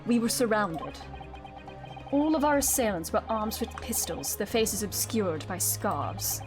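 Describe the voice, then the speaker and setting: A woman reading the lines of a young male noble who recounts a grim past in a low, subdued voice. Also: animated, unhurried, music in the background, natural voice. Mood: somber. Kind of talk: reading game dialogue aloud.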